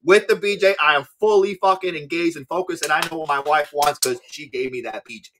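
A man hosting a casual livestream, joking crudely, laughing often and repeating words in quick bursts. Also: fairly high pitch, noisy background. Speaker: livestream seller host.

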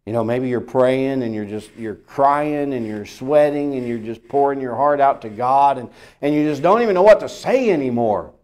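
A man preaching a sermon lesson, earnest and emphatic, asking his listeners rhetorical questions and swinging between loud peaks and quiet lines. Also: mid-range voice, moderate pace, hardly any pauses. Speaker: pastor.

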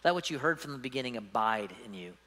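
Bright-voiced pastor preaching in a hall. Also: male voice, mid-range voice, expressive, fast talker. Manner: emphatic, conversational preaching with frequent "right?". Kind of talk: sermon. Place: church sanctuary.

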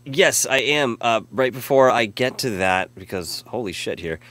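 A man's voice: mid-range voice, lively intonation, moderate pace, a bit bright. A man hosting a casual live stream, rambling and effusive as he reads out chat messages and thanks viewers. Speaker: live show host.

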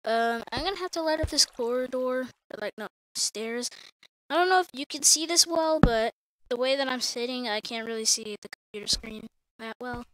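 A woman with a high voice chats loosely through her gameplay, correcting herself as she goes and talking straight to viewers. A steady noisy hiss and clicking sit under her voice on a home computer mic. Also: normal speed. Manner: rambling, self-correcting, talks to viewers. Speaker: gamer. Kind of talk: casual gameplay commentary.

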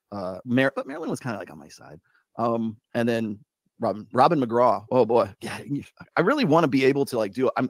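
A man speaks quickly in a casual show conversation, joking at his own expense and putting on voices when he quotes people. His pitch sits in the middle and the recording is dry. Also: dry recording. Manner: rapid, chatty, self-deprecating, does quoted voices. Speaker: podcast guest.

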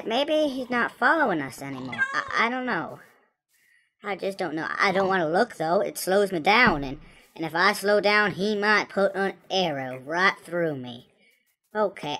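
A woman commenting on a block game as a small, rebellious talking flower pot, stammering and repeating her words. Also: on the low side. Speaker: gameplay commentator. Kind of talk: in-character gameplay commentary. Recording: home mic with steady hiss.

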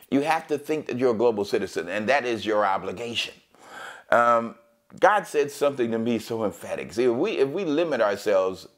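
A man preaching a sermon as pastor, teaching verse by verse and quoting scripture in a raised, drawn-out voice. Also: medium pitch. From United States. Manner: emphatic preaching, quotes scripture in a raised, slowed voice.

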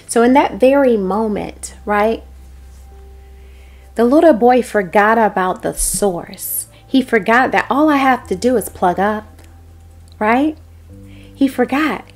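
A woman hosting a devotional prophetic message, speaking earnestly and dropping into soft, whispered prayer. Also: fairly high pitch, expressive, unhurried, pauses often, soft background music. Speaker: host and prophetic teacher.

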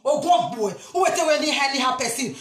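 A Nigerian woman giving an impassioned, emphatic rant to camera as a spiritual vlogger, often bursting into shouts. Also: high voice, quick pace, roomy sound, noisy background.

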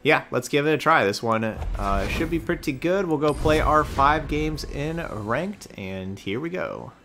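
A man's voice: on the high side, expressive, unhurried, bright, forceful tone, a little hiss or hum. A man streaming a card game, giving casual commentary as he plays, thinking aloud and correcting himself as he goes.

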